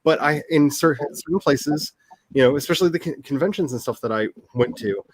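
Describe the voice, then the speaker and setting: A man's voice: on the high side, fairly quick, husky, dry recording. Casual host: man, chatty, restarts a lot, dry close recording. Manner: chatty, hesitant restarts, animated storytelling. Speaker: author and channel host. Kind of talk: casual chat.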